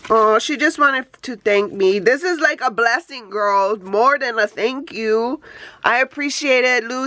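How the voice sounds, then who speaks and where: Woman, from Hawaii, gushing craft vlogger, slow unhurried talk, higher voice. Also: fairly bright tone, no echo. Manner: gushing, exclamatory, lots of "oh my gosh". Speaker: craft YouTuber. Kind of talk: casual unboxing chat. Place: home, Phoenix.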